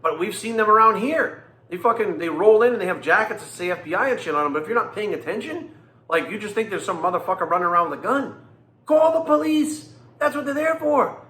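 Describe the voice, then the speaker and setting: A man in his forties rants bluntly and angrily, swearing constantly and hammering his points home by repeating them. His voice sits high and sounds sharp and forceful. The sound carries a roomy echo. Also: expressive, fast. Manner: blunt, angry and profane, repeating himself for emphasis. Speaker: fitness coach and vlogger. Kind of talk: profane ranting monologue.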